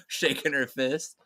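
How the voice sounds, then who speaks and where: Animated bright-voiced male co-host. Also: on the high side. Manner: animated, playful, breaks into silly voices. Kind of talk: casual live-stream chat.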